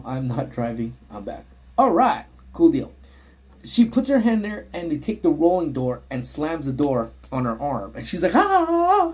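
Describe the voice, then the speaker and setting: Husky man telling stories to live chat. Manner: animated, voices quoted people in high yelps. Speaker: livestream host. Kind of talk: casual storytelling to live chat. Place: parked car.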